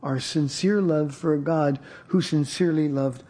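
A man's voice: fairly high pitch, moderate pace, dark tone. A man preaching a sermon as pastor, earnest and repeating his words as he starts a thought. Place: church.

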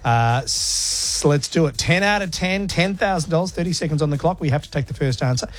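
An Australian man co-hosting breakfast radio in a joking, lively banter style. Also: a little high. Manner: lively, joking, quick to laugh. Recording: music bed underneath.

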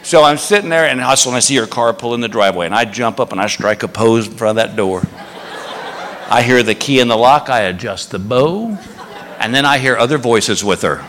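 A man telling a stand-up story in an animated way, laughing as he goes. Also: mid-range voice, fairly quick. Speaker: stand-up comedian.

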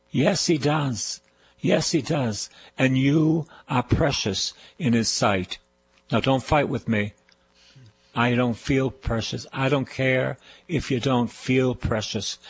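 An older man with a broad Boston accent delivers a radio sermon at an unhurried, deliberate pace. He hammers his points home through repetition, exhorting the listener with firm emphasis. His voice sits at an ordinary middle pitch. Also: breathy edge, low-quality recording. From Boston, USA. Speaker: priest, radio preacher.

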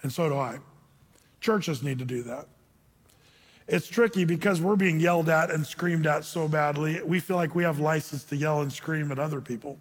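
A man preaching a sermon as a pastor, animated and acting out quoted voices. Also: on the high side, moderate pace, breathy edge, in a large hall.

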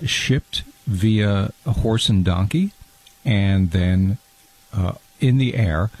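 Guy doing a fussy fondue dude, low gravelly husky voice, stammers, super earnest and touchy. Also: darkish tone, heavily acted. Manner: prissy, earnest, easily wounded, stammering. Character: fussy, fragile adult man called Fondue Guy. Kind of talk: improvised comedy sketch.

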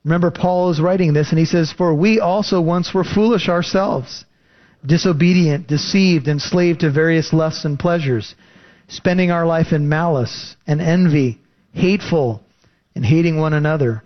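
A man preaching a sermon, reading scripture and explaining it with lively emphasis. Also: moderate pace. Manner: animated, rising pitch for emphasis. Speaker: pastor. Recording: dull lo-fi recording.

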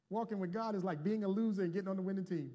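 A man preaching a sermon to a congregation, calling for responses and swinging from loud to hushed. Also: high voice, fast talker, highs cut off. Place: church before a congregation.

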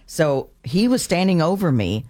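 A man's voice: a little high, big pitch swings, unhurried, darkish tone, dry recording. A man hosting a talk show, chatting with a guest and telling anecdotes, laughing often. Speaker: host. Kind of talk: casual interview.

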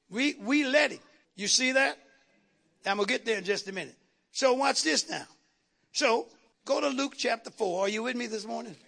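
High, gravelly preacher man in church. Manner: call-and-response preaching, rhetorical questions, rising to shouts. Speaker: pastor. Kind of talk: sermon. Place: church sanctuary.

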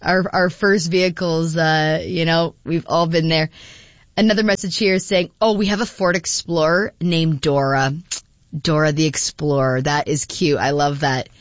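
A woman's voice: sits low, fairly even intonation, unhurried, no echo, dull audio. Chatty woman on morning radio. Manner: chatty, laughing, with frequent fillers. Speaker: radio morning show host. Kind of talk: casual radio chat reading listener texts.

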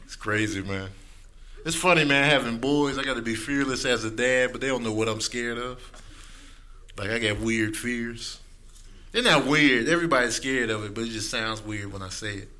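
A middle-aged man doing a stand-up set, acting out his friends and sons in voices. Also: normal speed. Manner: animated, acts out friends and family in high voices. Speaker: stand-up comedian. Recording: live club set with clear background noise.

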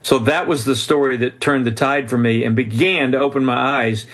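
A man's voice: medium pitch, fairly even intonation, normal speed, a bit bright. A man telling a story as a guest in an interview, speaking earnestly and with animation, often restarting his sentences. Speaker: author and guest.

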